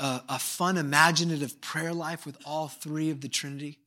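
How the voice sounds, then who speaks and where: A man in his thirties preaching a sermon as a pastor, telling animated stories and moving between hushed and emphatic delivery. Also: on the high side. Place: church service.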